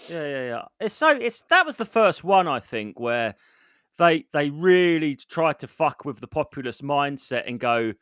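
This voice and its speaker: A man's voice: on the high side, lively intonation, moderate pace, fairly bright tone, no echo, clean studio sound. A man, co-hosting a comedy podcast, ranting and swearing as he mimics other people. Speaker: podcast co-host. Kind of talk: casual comedy podcast rant.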